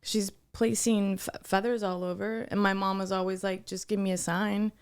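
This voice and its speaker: A woman's voice: mid-range voice, normal speed, clear, resonant tone. A young adult woman co-hosting a podcast, telling a story in casual chat and acting out the quoted dialogue. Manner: animated storyteller who acts out quoted dialogue. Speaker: podcast co-host.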